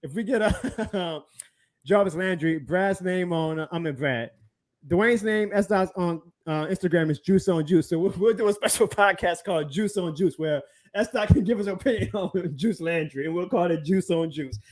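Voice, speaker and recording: A man's voice: high voice, moderate pace. A man hosting a live sports stream, ranting with profanity and laughing often. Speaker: podcast host.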